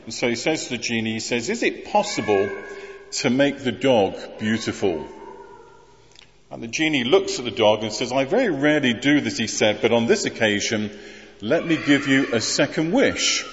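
A man's voice: medium pitch, lively intonation, a little fast, a bit bright, a little hiss or hum. A man preaching a sermon, conversational and wry, asking rhetorical questions. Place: church. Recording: muffled voice in a reverberant church.

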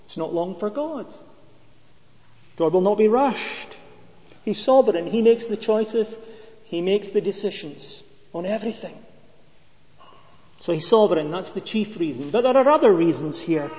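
In a warm voice that sits high, a Scottish man preaches, telling stories and questioning the congregation in a conversational, rhetorical style. The audio comes across as dull and lo-fi, soaked in long reverb.

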